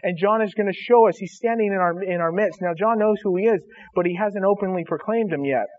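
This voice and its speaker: A man's voice: high-pitched, fairly quick, phone-quality sound, slight background noise. A man preaching a sermon, earnest and conversational, speaking directly to his congregation. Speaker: pastor.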